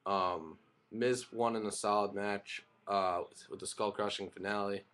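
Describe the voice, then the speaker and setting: A young man with a fairly low voice recaps a wrestling show in a loose, rambling way. He is opinionated and sprinkles his talk with fillers and self-corrections. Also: steady tone, a little slow, fairly bright tone. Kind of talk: casual spoken recap and review.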